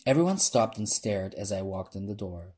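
A man reads a first-person novel aloud with a husky, lowish voice that swings through a lively range. His reading is casual and unpolished, with slips and restarts along the way. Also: normal speed. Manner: informal reader who stumbles and restarts. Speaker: narrator.

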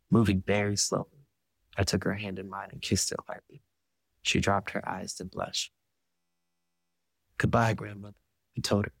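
A man narrates a first-person audiobook in a low voice, slow and measured, with quiet emotion held under the words. The recording is close and completely dry. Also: vocal fry, no echo.

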